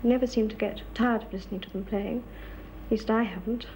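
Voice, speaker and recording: A woman, married to a band's bass player, speaking fondly and plainly in a documentary interview. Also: fairly even intonation, fairly quick, dark tone, slight background noise, rough recording. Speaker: musician's wife.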